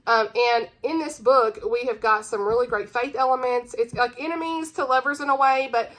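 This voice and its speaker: A woman's voice: on the high side, a little fast, a bit bright. A woman hosting her own channel, chatting casually and bubbly about books she recommends, giggling often. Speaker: book reviewer, channel host. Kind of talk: casual book-recommendation chat.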